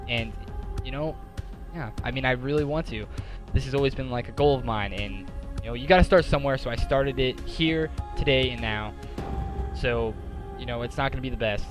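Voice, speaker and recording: A man giving casual gameplay commentary in an excitable way, breaking into exasperated outbursts. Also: medium pitch. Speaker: gaming commentator. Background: game music and sounds.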